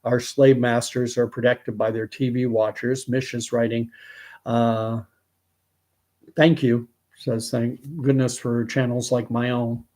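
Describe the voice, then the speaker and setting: A middle-aged Canadian man with a Canadian accent, chatting casually on his vlog and reading viewer comments, halting and rambling with many restarts. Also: medium pitch, darkish tone. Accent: Canadian English.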